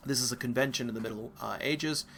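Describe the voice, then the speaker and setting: A man's voice: mid-range voice, quick pace, creaky, a bit bright, slight background noise. An American man giving a casual, digressive art history lecture, full of asides and fillers. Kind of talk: recorded university lecture.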